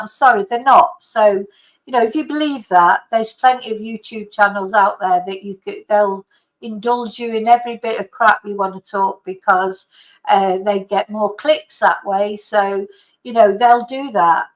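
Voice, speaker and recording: An indignant middle-aged woman talks straight to her channel's viewers, rambling and restarting as she goes. Her pitch sits in an ordinary middle range. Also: normal speed, rough recording. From Britain. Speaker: channel host. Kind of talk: casual opinion monologue.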